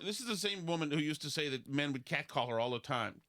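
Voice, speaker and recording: A man, hosting a casual podcast and telling rambling stories in which he mimics other people in high voices. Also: lively intonation, fast, hardly any pauses, sharp tone. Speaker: podcast host. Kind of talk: casual talk show banter.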